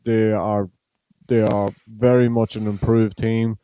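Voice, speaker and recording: An Irish man talking as a pundit, a former player, in a measured, hesitant way with many ums. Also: on the low side, level tone, clean tone, highs cut off. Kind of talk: casual sports chat.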